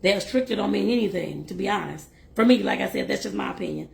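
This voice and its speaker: A woman reading a novel aloud and breaking off for lively, chatty asides to her listeners. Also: medium pitch, quick pace, gravelly. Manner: lively, laughs and talks to listeners directly. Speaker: host and reader.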